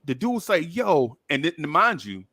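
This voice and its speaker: A man's voice: fairly high pitch, a little slow. A man, telling a long story in casual chat and acting out the other people's voices. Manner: animated storyteller, acts out voices. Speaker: podcast co-host.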